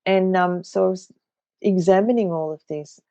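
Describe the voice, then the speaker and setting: An Australian woman in her thirties tells her story earnestly, often stopping to restart her sentences. Her voice sits low and has a gravelly edge. The recording is dry and dull, with little room sound and muted highs. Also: steady tone, normal speed, dark tone, dry recording. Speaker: guest. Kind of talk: recounting a personal experience.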